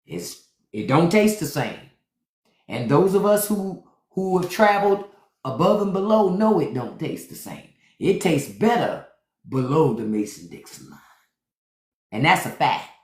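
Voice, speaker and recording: Lively man riffing on a livestream. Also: on the high side, reverberant. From Washington, D.C. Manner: animated, profane riffing. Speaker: podcast host. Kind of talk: casual livestream chat.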